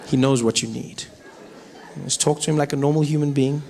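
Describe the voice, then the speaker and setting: A South African man doing stand-up comedy, telling animated stories on stage. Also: medium pitch, brisk. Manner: animated, storytelling.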